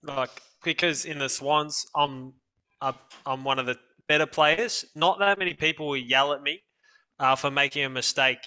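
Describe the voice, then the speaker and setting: A man talking as a guest on a casual podcast, relaxed and laughing, animated when telling stories. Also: fairly high pitch, normal speed.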